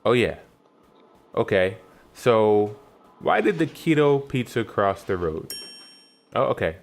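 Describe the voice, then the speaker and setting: A man's voice: on the low side, very animated, slow pace, vocal fry, soft background music. A man from New York narrating a cooking tutorial with wry, joking asides. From New York, United States. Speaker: cooking channel host.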